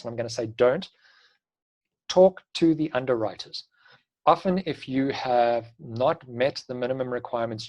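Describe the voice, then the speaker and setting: Man, online class instructor, brisk, practical, advisory, mid-pitched voice. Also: a little mellow, rough recording. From South Africa.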